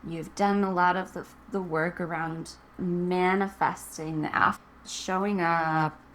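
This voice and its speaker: A woman's voice: on the low side, fairly even intonation, takes it slowly, a bit bright, a little hiss or hum. A woman giving a casual, encouraging tarot reading to camera, chatting and thinking aloud as she goes. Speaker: tarot reader.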